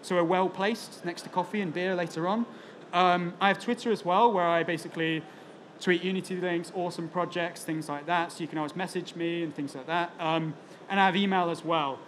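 A man's voice: high voice, steady tone, fairly quick, fairly bright tone, a little hiss or hum. A man presenting on stage at a conference as a product evangelist, chatty and joking, with lots of fillers. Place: conference talk in front of an audience.

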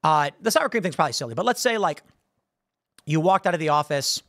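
A male commentary host with a slightly high voice rambles through his point, stumbling over words and starting sentences again. His voice sounds dry and close, with no room sound, as if into a studio mic. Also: expressive, fast, fairly bright tone, no echo. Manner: stammering restarts, repeating words. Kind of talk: casual commentary monologue.

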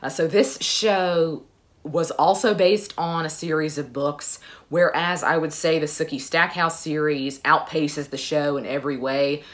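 Low-voiced woman gushing about favorites. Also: fairly even intonation, measured pace. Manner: gushing, enthusiastic, frequent "uh" fillers. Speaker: book vlogger. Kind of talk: casual chat.

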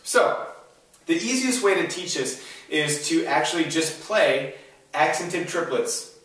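A young man gives a drum lesson in an upbeat, explanatory way, checking in with the listener often. His voice sits a little high for a man. It rings heavily around a very echoey room, and he stands a bit back from the mic. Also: expressive, slow, a bit bright, distant mic. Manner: upbeat, keeps checking in with "all right?" and "right?". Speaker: drum instructor.

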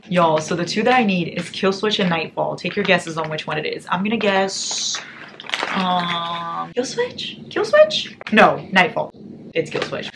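A young woman chatting excitedly as she opens book mail on her vlog, gushing over every gift. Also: lowish voice, gravelly, background noise. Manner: gushing, excitable, reads notes aloud. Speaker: book vlogger. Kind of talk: casual chat unboxing book mail.

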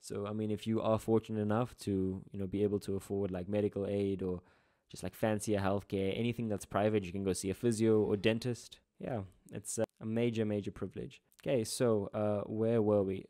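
A young man with a South African accent talks through exam geography as a relaxed tutor, slipping into chatty asides full of fillers. His voice sits a little low and has a soft, mellow tone. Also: brisk. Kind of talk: casual exam-prep lesson.

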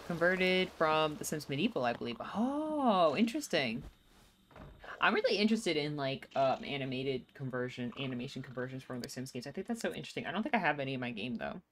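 Low-voiced chatty woman streaming a game. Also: very animated, a little fast, a little hiss or hum. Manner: chatty, laughs often, reads chat aloud. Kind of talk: casual gameplay chat.

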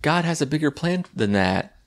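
A man mockingly voicing a demanding young churchgoing girlfriend in a high falsetto. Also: very animated, normal speed.

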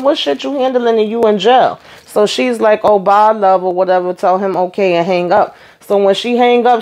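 Sassy woman recapping reality TV. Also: medium pitch. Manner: sassy, animated retelling with quoted voices. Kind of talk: casual recap commentary.

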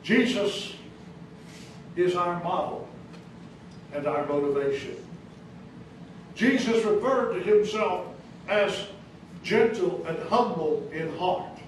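A pastor preaching a sermon in a church, speaking emphatically with rising questions and sudden soft drops, with an American accent. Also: male voice, sits high, lively intonation, takes it slowly, pauses often. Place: church sanctuary. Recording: echoey church recorded from a distance, noisy.

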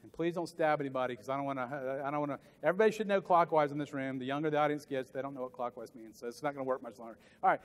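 Animated Southern man in an echoing hall. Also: mid-range voice, rapid-fire, few pauses. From American South. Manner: animated, jokey, acts out quoted voices. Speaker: keynote sales speaker. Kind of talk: motivational conference talk. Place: large conference hall. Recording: long hall reverb.

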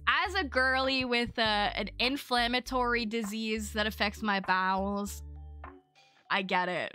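A young woman streaming a game live, chatting casually with her viewers, bubbly and quick to thank them. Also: medium pitch, sharp tone. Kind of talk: casual live-stream chat while gaming.

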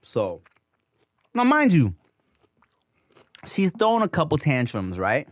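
Young male podcast host, casual storyteller, very expressive pitch, dead-dry room. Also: slow, no echo. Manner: animated, slangy, swears casually.

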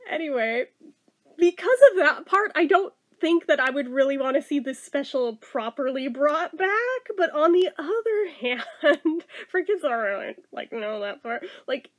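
A woman giving a casual, excitable movie review who swears freely, laughs easily and talks in a chatty, rambling way full of fillers. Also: high voice. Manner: excitable and animated, quick to laugh.

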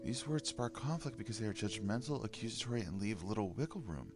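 A man with a very deep voice reads self-help tips aloud, then breaks off into frank, casual commentary between them. Soft music plays faintly in the background. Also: lively intonation, fast talker, hardly any pauses. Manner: reads advice aloud then comments candidly, with sighs and laughs. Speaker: vlogger. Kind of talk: casual self-help video reading and reacting.

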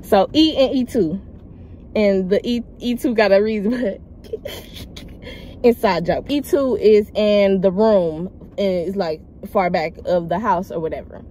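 A young woman vlogger chats casually to her viewers, calling them y'all, as she tells a personal story in a rambling, slangy, emphatic way, with loud acted-out quotes. She speaks at medium pitch, a little slowly, over a slight hiss or hum.

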